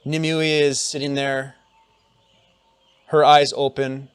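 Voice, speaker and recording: A man running a tabletop fantasy game as game master, narrating scenes in a slow, descriptive storytelling manner. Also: medium pitch, level tone, clean tone, dry recording.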